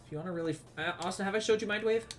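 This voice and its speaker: A man's voice: high voice, very fast, faint music behind. A man from the Southern United States with a Southern accent, chatting casually and cursing a lot while streaming a game, rambling and laughing. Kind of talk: casual gaming stream chat.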